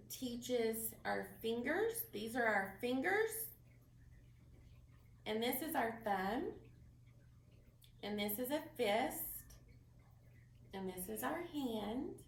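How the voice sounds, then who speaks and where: Slow sing-song woman reading to toddlers. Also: fairly high pitch, a bit bright, echoey room, far from the mic. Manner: slow, sing-song, clearly enunciated for little children. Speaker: children's librarian. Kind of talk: storytime read-aloud and action rhymes for toddlers.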